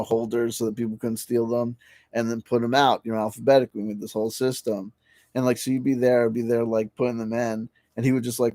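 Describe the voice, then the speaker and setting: A man's voice: mid-range voice, darkish tone, no echo. A man casually telling a rambling, profane story on a livestream, full of restarts and fillers and laughing as he goes. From New Jersey. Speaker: livestream host.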